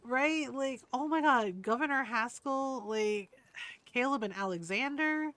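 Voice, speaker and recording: A woman's voice: sits high, measured pace, fairly bright tone, clear, resonant tone, no echo. A woman streaming a game, chatting casually and rambling, with bursts of indignation. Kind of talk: casual gameplay commentary.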